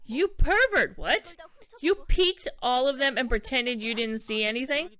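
A woman's voice: a little high, animated, moderate pace, a bit bright, smooth. A woman reading as a scornful young woman. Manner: scornful, disbelieving. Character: suspicious, sharp-tongued young woman.

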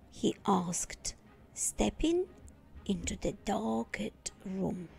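A woman reading a children's storybook aloud, taking her time over each phrase. Her voice is husky with a gravelly edge, and she tells the tale dramatically, with faint music underneath. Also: on the low side, fairly even intonation, slow pace, dark tone.

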